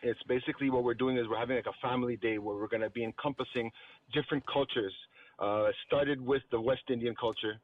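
A man's voice: mid-range voice, fairly even intonation, fast, dry recording. A man calling in to a radio show to announce a festival he is organizing, explaining the plans in a friendly way. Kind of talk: radio call-in. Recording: tinny phone line.

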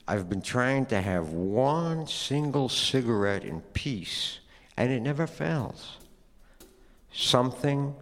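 A man's voice: mid-range voice, big-room sound, pitched above the performer's own voice. A man voicing a tired, profane ancient creator god who grumbles and swears. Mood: weary exasperated.

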